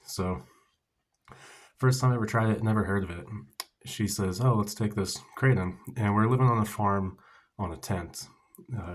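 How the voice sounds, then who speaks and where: A man with a very low, husky voice talks through his own story as a monologue. He is candid and loose and keeps filling pauses with "you know" and "like." It sounds like a casual personal vlog. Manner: candid and rambling, with many fillers. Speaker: vlogger.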